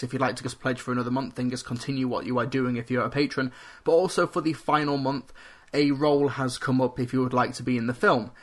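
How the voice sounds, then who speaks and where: A man's voice: medium pitch, fairly bright tone. Earnest man hosting a solo podcast. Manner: earnest, self-correcting, tries to avoid filler words. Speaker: podcast host. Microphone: home computer microphone.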